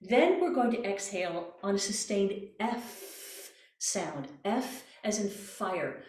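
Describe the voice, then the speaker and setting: A woman voice coach with a Canadian accent, calmly guiding breathing exercises step by step and demonstrating the breaths. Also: mid-range voice, takes it slowly, recorded from a distance, a little hiss or hum. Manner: calm, gentle, step-by-step guidance with demonstrated breaths. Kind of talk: guided breathing workshop instruction. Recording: roomy echo, voice from off mic.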